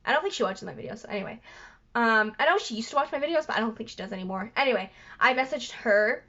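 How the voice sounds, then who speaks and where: Chatty woman with a bright, lively voice. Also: fairly high pitch, quick pace. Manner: rambling, stutters and restarts; apologetic. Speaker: vlogger. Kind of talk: casual storytelling to camera. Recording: dull lo-fi recording.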